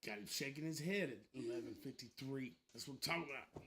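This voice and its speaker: A man's voice: mid-range voice, brisk. A man co-hosting a casual late-night radio show in a studio, joking and laughing often. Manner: jokey, laughs often, animated.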